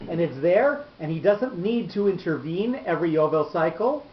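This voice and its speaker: Guy teaching a torah class, kinda high voice, patient and repeats stuff, echoey lo-fi room. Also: expressive. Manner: patient, explains slowly and repeats key words. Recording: echoey room, dull lo-fi sound.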